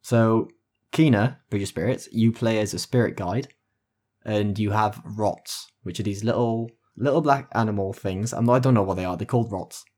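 A man chatting casually on a gaming podcast, his voice sitting fairly low. He talks with enthusiasm and rambles as he explains things. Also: normal speed, darkish tone. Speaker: podcast co-host.

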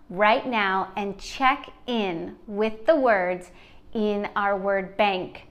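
A woman in her thirties hosting a podcast for mothers, talking straight to the listener in an encouraging way. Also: fairly high pitch. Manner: warm, encouraging, speaks directly to the listener. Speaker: podcast host. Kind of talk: faith-based motivational podcast talk.

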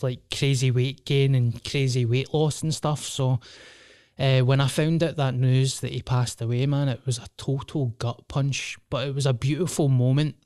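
Sweary Glaswegian man, smooth dry voice. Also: medium pitch, darkish tone, dry recording. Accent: Scottish, Glasgow. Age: 30s. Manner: rambling, sweary, jokey. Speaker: podcast host. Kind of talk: casual solo podcast monologue.

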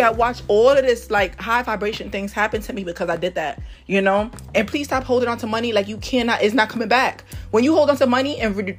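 A woman from Harlem, New York, hosting a motivational podcast as a manifestation coach, talking casually while a bit out of breath from cleaning, rambling and often tagging "right?". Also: medium pitch. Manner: rambling, keeps asking "right?".

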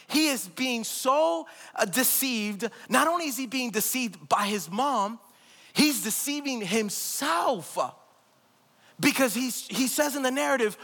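A man with a very high, bright voice preaching in a large church hall, where long reverb trails each phrase. He drives his points hard, jokes between them, and has the congregation repeat key words after him. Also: very animated, a little slow. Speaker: pastor. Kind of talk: sermon.

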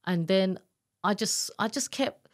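A woman giving a candid, earnest account of her own past as an interview guest, halting and searching for words as she retells it. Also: mid-range voice. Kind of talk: emotional personal testimony in an interview.

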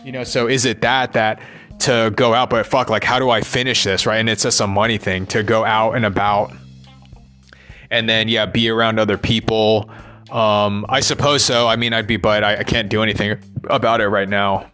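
A man's voice: lowish voice, flat delivery, normal speed, pushed and bright, faint music behind. A man thinking aloud in a rambling personal monologue, restless and swearing as he questions himself.

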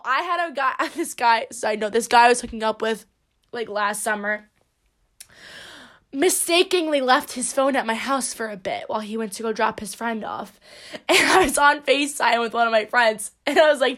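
Young female podcast host, high voice, brash and profane, playful solo chat. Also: moderate pace, fairly bright tone. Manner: brash, profane, joking storyteller.

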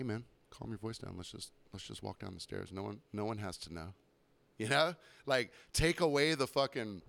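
Man, casual storytelling, profane, rambling, mid pitch, dry sound. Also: fairly bright tone, smooth, no room sound. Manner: profane, rambling, with acted quotes. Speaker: podcast host.

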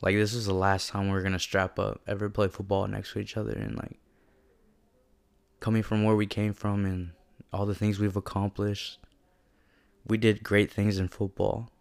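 A man's voice: on the low side, completely flat delivery, moderate pace, vocal fry. A young man telling a personal story in a casual, slangy and earnest way, often saying "like". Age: young adult. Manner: casual and slangy, heavy use of "like", earnest and emotional. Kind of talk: personal reflective monologue.

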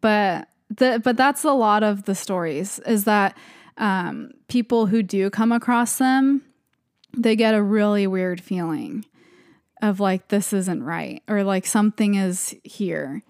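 A woman's voice: mid-range voice, a little slow, smooth, no room sound, studio quality. A young woman co-hosting a podcast, casually retelling creepy stories with lots of "like" fillers. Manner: rambling with frequent "like" fillers. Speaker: podcast co-host. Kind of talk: casual storytelling chat.

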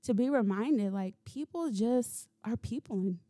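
A woman hosting a solo podcast, telling stories in a casual, animated way, swearing freely and laughing as she goes. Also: fairly high pitch, a little slow, no echo, clean studio sound. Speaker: podcast host. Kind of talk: casual solo storytelling monologue.

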